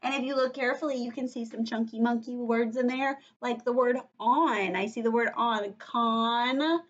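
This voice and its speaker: A woman teacher giving an online read-aloud lesson for young children, explaining slowly and clearly into a computer microphone, on a dull lo-fi recording. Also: fairly high pitch, fairly even intonation. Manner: clear, slow, sing-song explaining to kids.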